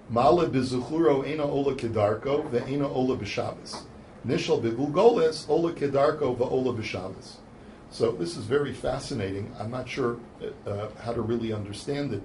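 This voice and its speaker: A man in the middle pitch range gives a Talmud lesson as a rabbi, explaining each step and posing questions before he answers them. He chants the original passages with a lift and then translates them. Faint noise runs under the recording. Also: a little mellow. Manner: reads Hebrew and Aramaic passages in a rising chant, then translates. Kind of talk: Talmud class lecture.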